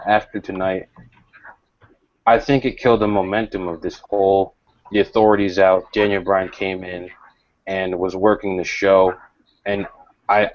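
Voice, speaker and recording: A man hosting a casual panel review, talking calmly and critically with many fillers and pauses. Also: sits low, no echo. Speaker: show host. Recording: dry, dull lo-fi audio.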